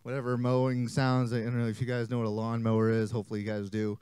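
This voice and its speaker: A man teaching a children's church lesson as animated, playful storytelling, joking and interrupting himself. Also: medium pitch, fast talker, smooth, dry recording. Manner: playful, self-interrupting, jokey.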